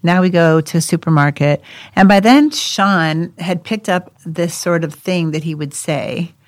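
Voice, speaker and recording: A middle-aged woman with a low voice tells a family story in casual chat. She is animated, acts out what people said, and laughs often. The sound is dry and close. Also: measured pace, dry recording. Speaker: adoptive mother guest.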